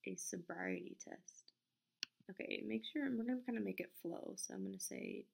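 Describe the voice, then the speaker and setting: Gravelly-voiced woman stumbling through podcast takes. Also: medium pitch, wildly swooping pitch, moderate pace. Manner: stumbling, self-correcting and apologetic, laughing at her mistakes. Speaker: podcast host. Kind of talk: casual podcast narration with outtakes. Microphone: desk microphone.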